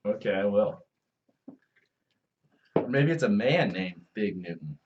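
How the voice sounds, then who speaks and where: Playful man with a lively, bouncing voice. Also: fairly low pitch, unhurried, lo-fi sound, noisy background. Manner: playful, joking. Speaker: co-host. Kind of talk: comedic live-stream banter.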